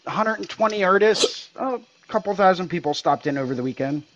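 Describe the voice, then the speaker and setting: A man tattoo artist joining a podcast over a video call, bantering and teasing in a relaxed way. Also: sits high, brisk, lo-fi sound. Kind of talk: casual podcast chat.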